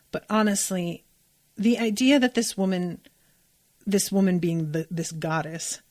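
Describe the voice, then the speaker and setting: A woman's voice: lowish voice, no room sound, clean studio sound. A woman hosting a podcast, recapping an episode in a loose, conversational way, full of "like" fillers and blunt swearing. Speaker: podcast host.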